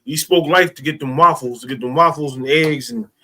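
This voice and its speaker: A man's voice: a little high, brisk, bright, forceful tone. A man preaching to a class, repeating lines and building emphasis. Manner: preaching with repetition and rising emphasis. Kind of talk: sermon.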